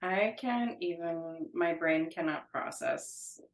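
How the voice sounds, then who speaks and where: A woman playing a tabletop game, speaking softly and uncertainly. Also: lowish voice, slow pace, slight background noise. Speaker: player. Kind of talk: role-playing game chat. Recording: roomy echo.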